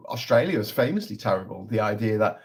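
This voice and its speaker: A man's voice: on the low side, animated, fast, vocal fry. A man hosting a casual political livestream, talking in a sarcastic, sweary, rambling way.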